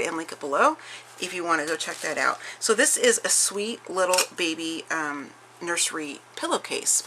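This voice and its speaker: Gravelly, gushing woman craft vlogger. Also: low-pitched, sharp tone, a little hiss or hum, poor audio. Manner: gushing, chatty, many fillers and restarts. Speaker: craft vlogger showing a haul. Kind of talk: casual show-and-tell chat.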